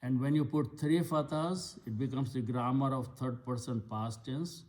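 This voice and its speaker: A man's voice: medium pitch, steady tone, normal speed, a little mellow. A man teaching Arabic grammar of scripture in a patient lesson, explaining step by step and repeating key words. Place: Islamic center classroom.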